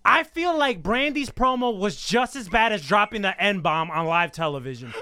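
A man hosting a casual wrestling talk show, animated and emphatic, often repeating himself as he makes his point. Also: high voice, measured pace, no room sound. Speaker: host.

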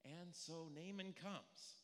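A man preaching in an easy, storytelling way, asking his congregation questions as he goes. His voice sits high and rings bright. The sound carries a long, echoing church reverb. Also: takes it slowly. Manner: conversational storytelling, rhetorical questions. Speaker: pastor. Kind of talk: sermon. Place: church sanctuary. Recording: echoey hall with long reverb.

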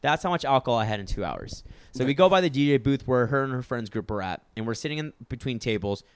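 A man's voice: medium pitch, expressive, fast, smooth, no room sound. A young man co-hosting a podcast, telling a story in casual chat and acting out other people's lines.

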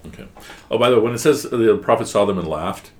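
A man's voice: lowish voice, animated, fast. A man teaching a one-on-one class, explaining patiently and asking guiding questions.

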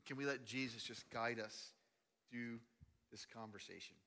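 A man preaching a sermon as a pastor, telling stories animatedly, swinging between loud and hushed delivery. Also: medium pitch, fairly even intonation, moderate pace. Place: large church auditorium. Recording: long hall reverb.

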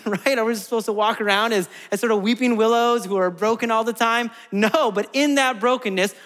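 A man's voice: high voice, fairly bright tone, long reverb tail. A man preaching a sermon to his congregation. He talks in a conversational way, often laughing and asking the room questions. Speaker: pastor.

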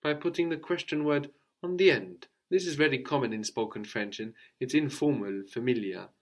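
A man teaching a French lesson, with a voice of ordinary pitch. He explains patiently and repeats short phrases so his student can copy them. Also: moderate pace. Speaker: language teacher.

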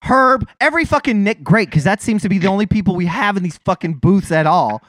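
A man's voice: high-pitched, lively intonation, fairly quick, a bit bright, no echo, studio quality. A man co-hosting a casual chat, ranting heatedly with constant swearing.

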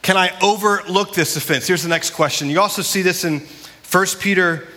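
A man's voice: high voice, moderate pace, bright, forceful tone. A man preaching a sermon in a church sanctuary, earnest and conversational, with a long hall reverb. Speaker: pastor.

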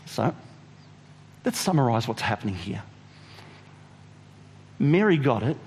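A man preaching a sermon, retelling a story in an animated way and asking the audience questions. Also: medium pitch, measured pace, pauses often, long reverb tail. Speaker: pastor.

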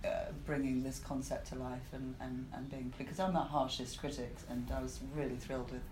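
A woman stand-up with a husky, low voice, a little congested from hay fever. She talks in a wry, self-mocking way. The live room is echoey with a faint murmur behind her. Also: little pitch movement, a little fast, background noise. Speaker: stand-up comedian and storyteller, guest. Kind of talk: casual live podcast interview.

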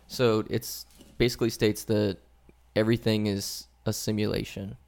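A man hosting a casual podcast, explaining an idea step by step with halting restarts. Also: fairly low pitch, little pitch movement, gravelly, darkish tone. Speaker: podcast host. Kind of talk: casual chat.

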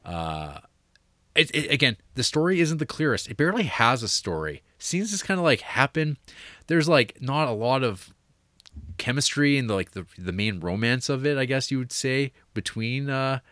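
A man co-hosting a podcast chats casually about a movie, rambling with fillers, restarts, and laughs. His medium-pitched, slightly bright voice has lively intonation and a moderate pace, recorded at studio quality with no echo.

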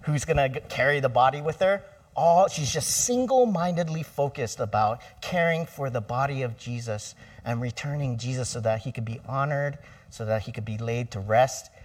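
A man's voice: mid-range voice, moderate pace, far from the mic. A middle-aged man preaching a sermon in a church, conversational and asking the congregation for responses. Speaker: pastor.

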